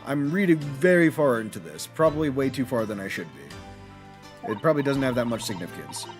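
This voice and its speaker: Brief: casual male streamer, lively up-and-down voice, rambling, light music behind. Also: mid-range voice, a little fast. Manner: chatty, rambling, self-deprecating. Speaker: let's play streamer. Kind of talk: casual game commentary.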